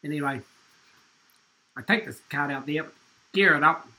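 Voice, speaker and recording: New man, guest storyteller, lively yarns, laughs often, bright voice. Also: a little high, normal speed, poor audio. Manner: lively yarn-spinning, laughs often, tags lines with "eh?". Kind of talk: casual storytelling chat.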